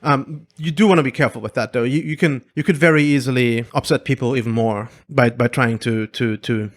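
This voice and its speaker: Man co-hosting a relaxed chat podcast. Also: medium pitch, fairly quick. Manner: thoughtful, explanatory, with restarts. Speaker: podcast co-host. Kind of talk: casual conversational chat.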